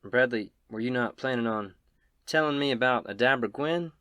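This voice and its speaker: A man's voice: medium pitch, normal speed, pushed and bright, clear, resonant tone, no room sound, clean studio sound, lightly acted. A man voicing a tough, no-nonsense female sheriff in a tabletop game, speaking in a blunt, drawling, commanding way. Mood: gruff.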